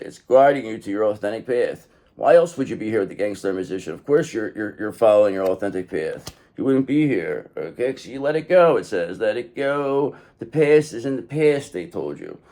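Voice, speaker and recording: A man reading tarot cards in a casual monologue, animated, talking straight to the viewer and swearing now and then. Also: lowish voice. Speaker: tarot reader.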